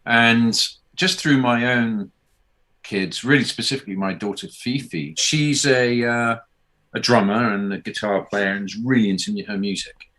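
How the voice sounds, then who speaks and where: A man's voice: mid-range voice, moderate pace, fairly bright tone. A man in his fifties, a film director, answering interview questions in a reflective, conversational way.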